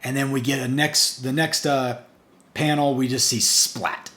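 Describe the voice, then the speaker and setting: A man's voice: medium pitch, fairly even intonation, measured pace, pushed and bright. Chatty male comic reviewer. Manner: chatty, recounts the plot in long run-on strings with "and" and "basically". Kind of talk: casual plot recap.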